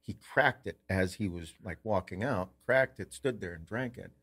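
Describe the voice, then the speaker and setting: A man's voice: deep voice, moderate pace, fairly bright tone, husky. A man co-hosting a podcast, telling a story in casual chat. He swears freely, acts out quoted lines and laughs often. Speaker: podcast co-host.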